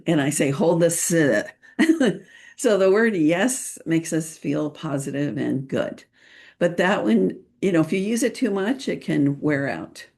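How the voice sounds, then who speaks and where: A middle-aged woman hosting a podcast, chatting casually and playfully about photographing children, laughing often and pausing with lots of ums. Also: sits low, a little mellow. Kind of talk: casual podcast talk, giving tips.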